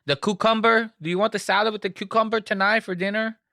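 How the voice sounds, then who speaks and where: A man's voice: sits high, fairly even intonation, quick pace, bright, forceful tone, no echo, clean studio sound, pitched above the performer's own voice. A man voicing a fussy middle-aged wife who talks in a put-on fake accent. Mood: fussing. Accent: put-on fake Spanish-style accent.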